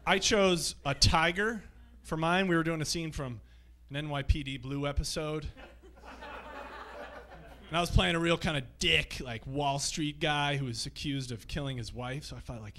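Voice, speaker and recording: A man's voice: fairly high pitch, fairly even intonation, moderate pace, sharp tone. A man performing a live stand-up set on a comedy club stage, telling loose, rambling stories full of profanity.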